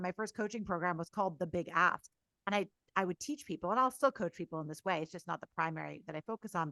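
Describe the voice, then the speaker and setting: An energetic woman speaks candidly as a coach and podcast guest. Her voice is bright and forceful, and her manner is blunt with the odd casual curse. The sound is dry and close, with mid-range pitch. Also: no room sound.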